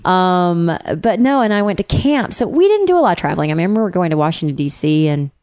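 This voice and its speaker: Low-voiced woman with faint Southern accent. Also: animated, fast, darkish tone, dry recording. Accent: faint Southern American. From American South. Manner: reflective, storytelling, many fillers. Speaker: guest. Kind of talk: casual interview chat.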